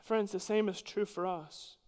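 Brief: male pastor, slightly higher voice, emphatic sermon delivery, long church reverb. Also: steady tone, measured pace. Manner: earnest, emphatic preaching with sudden drops to quiet.

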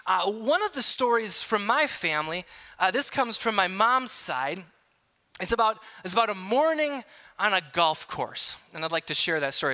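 A middle-aged male pastor gives a conversational sermon in a church hall. His voice sits high and rings very bright. He tells stories, jokes with the room and throws questions to the congregation. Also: clean tone.

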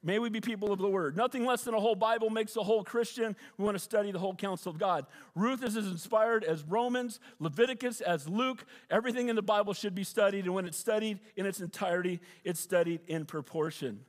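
A man's voice: sits high, fast talker, hardly any pauses, in a large hall. A middle-aged man, a pastor, preaching a sermon and often asking the congregation for an amen.

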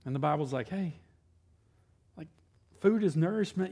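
A man in his thirties preaching a casual sermon. He peppers his talk with "man" and "right?" and slows down to read scripture. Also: on the high side, animated, warm tone, slightly rough. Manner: reads scripture slowly and deliberately. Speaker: pastor.

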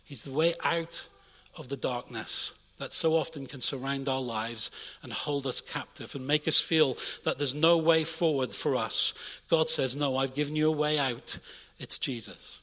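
A young adult man preaching a sermon in a church, energetic, swinging between loud urging and quiet intimate asides. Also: mid-range voice, a little slow, long reverb tail. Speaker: pastor.

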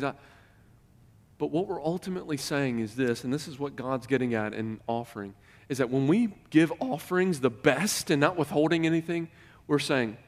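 A man's voice: mid-range voice, brisk, long reverb tail. A man preaching a sermon, speaking emphatically with questions to the congregation. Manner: emphatic, rising and falling in volume, addresses the congregation with questions. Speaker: pastor.

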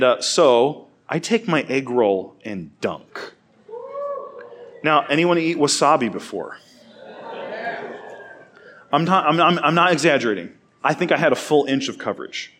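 A man's voice: medium pitch, moderate pace. A man giving a sermon, telling a funny personal story in a casual, chatty way. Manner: casual, chatty, laughs through his story. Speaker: preacher.

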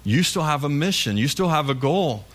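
A pastor preaching a sermon to his congregation, acting out a back-and-forth with God and answering doubts in a lower, softer voice. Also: lively intonation, moderate pace. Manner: acts out a back-and-forth dialogue with God, dropping lower and softer for God's replies.

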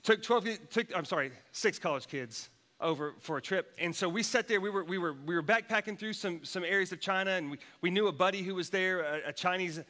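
A man's voice: high voice, a little fast, pushed and bright. A man preaching a sermon, telling a personal story with many restarts and repeated words. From United States. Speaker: pastor.

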